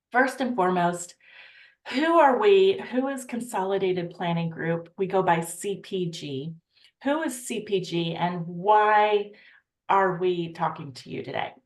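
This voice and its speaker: A woman opens an online webinar in a friendly, chatty manner, a touch flustered as she talks through housekeeping. Her voice sits a little low. She comes through a computer microphone in a room with a noticeable echo. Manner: friendly, chatty, a bit flustered by tech trouble. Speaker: webinar host. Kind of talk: casual webinar introduction. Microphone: computer mic on a video call.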